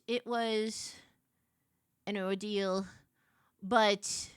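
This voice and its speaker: A woman streamer telling a story to her live chat, animated and quick to get loud when excited. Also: fairly high pitch, no room sound, studio quality.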